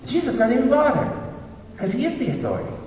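A man preaching a sermon in a church, animated and joking at his own expense. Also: very high-pitched, fast, faint music behind. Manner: animated, joking, self-deprecating. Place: church sanctuary. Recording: echoey hall from far off, faint noise.

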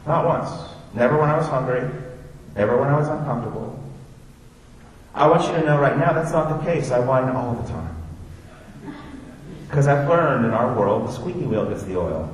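This Orlando, Florida man tells personal stories to an audience as a testimony, chatty and self-deprecating, prone to digressions. He has a medium-pitched voice with lively intonation, a moderate pace and frequent pauses. The echoey hall and distant mic carry slight background noise.

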